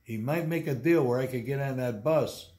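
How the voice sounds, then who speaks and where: A man in his eighties telling blunt, gruff stories about running tours, in a casual sit-down interview at home. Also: medium pitch, normal speed, dark tone. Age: 80s. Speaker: interviewee and tour guide. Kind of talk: casual storytelling. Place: indoors at home.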